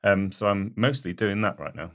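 Brief: man, lowish voice, dry wit, relaxed chat. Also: moderate pace. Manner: dry, wry quips. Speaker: podcast co-host, bike tester. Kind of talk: casual chat.

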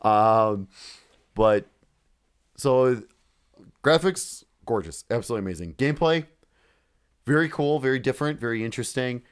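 A man's voice: mid-range voice, normal speed, pauses often, clear, resonant tone. A man co-hosting a casual podcast who rambles and swears freely. He acts out his own reactions as he goes. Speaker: podcast co-host. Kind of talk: casual chat.

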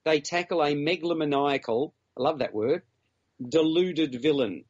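A man in casual podcast chat, rambling and teasing as he talks a film through. His voice sits a little high and sounds dull and lo-fi. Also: normal speed, a little mellow. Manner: chatty, teasing, talks in long run-on stretches. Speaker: film reviewer co-host.

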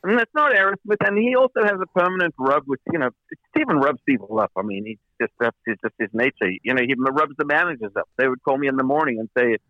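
A man's voice: medium pitch, expressive, fast talker, no room sound, lo-fi sound. A man, a record producer as an interview guest, telling long anecdotes with many fillers and restarts. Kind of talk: interview storytelling.

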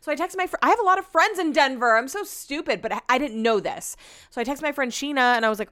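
A young woman hosting a podcast, telling a long personal story in casual, animated chat full of "like" fillers. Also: high voice, fast, dry recording, studio quality. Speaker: podcast host.

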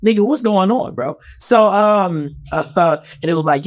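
A man in his thirties, a comedian giving casual reaction commentary, animated and profane, stumbling over repeated fillers. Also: high-pitched, normal speed. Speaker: comedian and actor commenting on an interview.

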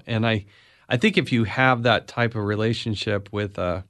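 A man hosting a podcast, reflective and halting as he shares a family story. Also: fairly low pitch, fairly bright tone. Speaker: host.

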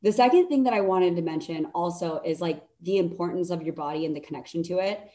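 A woman guesting on a podcast, giving blunt, energetic motivational advice and swearing for emphasis. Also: on the low side, quick pace. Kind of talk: casual motivational chat.

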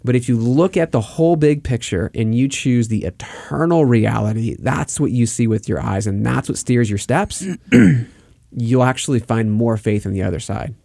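A man's voice: medium pitch, expressive, moderate pace, creaky, warm tone, dry recording, clean studio sound. A man co-hosting a conversational faith podcast, retelling a scripture story and reading verses aloud with rising animation. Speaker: podcast co-host.

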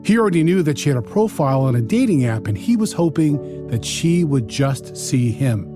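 A man's voice: fairly high pitch, animated, normal speed, over music. A man hosting a true crime podcast, narrating the case and putting questions to his co-host. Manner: storytelling, posing questions to co-host.

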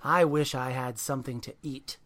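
A storybook reader voicing a hungry, skeptical cat in a slow, wry read-aloud. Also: mid-range voice, steady tone, fairly bright tone, lightly acted.

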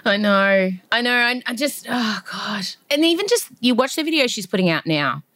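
A woman's voice: on the high side, lively intonation, normal speed, a bit bright, dry recording. Chatty woman, dry close mic. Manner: chatty, gossipy, laughs often. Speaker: podcast co-host. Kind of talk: casual chat.

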